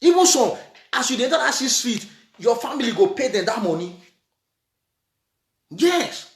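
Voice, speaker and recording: A vlogger with a Nigerian accent gives earnest, repetitive relationship advice in a casual, preachy monologue, mixing in Nigerian Pidgin. His voice is very high-pitched with big pitch swings, at a moderate pace with long pauses, recorded in an echoey room.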